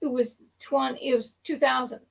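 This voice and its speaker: A woman chats loosely on a live stream, laughing through her words and trailing off mid-sentence. Her voice sits on the high side with a husky, gravelly edge. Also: fairly even intonation, normal speed, poor audio. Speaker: stream host. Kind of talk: casual chat. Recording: speaking over a phone with delay.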